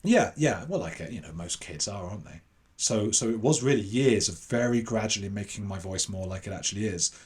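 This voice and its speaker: A man from London with an English accent that sits between posh and London, telling anecdotes as a podcast guest, animated, with self-deprecating asides and fillers. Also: fairly low pitch, fairly quick. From London, England. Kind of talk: casual storytelling interview.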